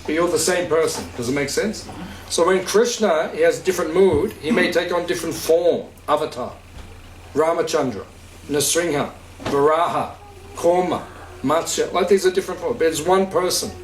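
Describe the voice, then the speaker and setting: A fairly high-voiced man gives a relaxed spiritual talk to a gathered group, chatty and often asking whether his point makes sense. He is picked up from a distance in a reverberant room, with a faint hiss underneath. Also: moderate pace. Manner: conversational, checks understanding with questions, laughs easily. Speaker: spiritual teacher.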